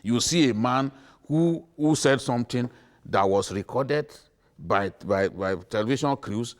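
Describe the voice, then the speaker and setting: A man's voice: mid-range voice, expressive, unhurried. A middle-aged man with a Nigerian accent, arguing emphatically and repeating his points on a TV studio panel. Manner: emphatic, repetitive, lecturing.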